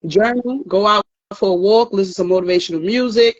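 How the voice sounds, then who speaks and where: A woman's voice: mid-range voice, a little fast, no echo, lo-fi sound. A woman giving earnest, emphatic advice in a casual talk, often repeating words as she goes. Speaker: therapist host.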